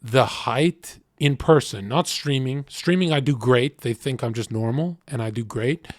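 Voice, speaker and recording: Male streamer, brash and profane, animated storyteller, mid-pitched, dry close mic. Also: unhurried, no room sound. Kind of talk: livestream rant.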